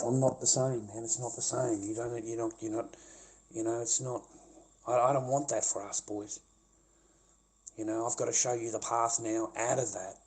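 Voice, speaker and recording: Confrontational Australian man, mellow voice. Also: mid-range voice, breathy edge. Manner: confrontational, profane, repetitive. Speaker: livestreamer. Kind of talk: angry livestream rant.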